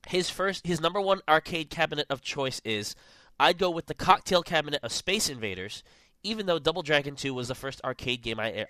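A man's voice: on the high side, pushed and bright, dry recording. A man hosting a casual podcast, rambling and joking with plenty of fillers. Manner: rambling, jokey, lots of fillers. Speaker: podcast host.

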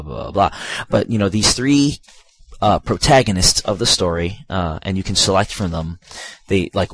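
A man's voice: deep voice, breathy edge, no room sound. A man giving a casual, rambling video game review, full of fillers, asides and profanity.

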